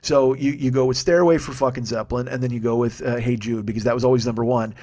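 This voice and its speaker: A man in his forties, a comedian hosting his own podcast, talking alone in an animated, profane monologue and acting out quotes as he goes. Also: medium pitch. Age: 40s. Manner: animated, profane, quick asides, acts out quotes.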